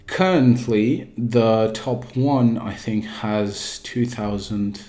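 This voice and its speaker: A man with a somewhat low voice talks casually over gameplay footage in a put-on British accent. He rambles and hesitates, restarting his sentences as he works through his point. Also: extremely slow, dark tone. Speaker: gaming YouTuber.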